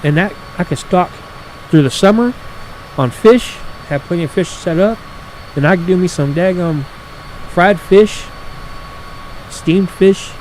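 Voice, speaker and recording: A man hosts a gaming stream in casual storytelling mode. He is folksy and animated, grumbling and cussing. His voice sits a little high, and faint aircraft engine noise hums underneath. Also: measured pace, pauses often, rough recording. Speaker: gaming channel host. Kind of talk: casual storytelling while playing.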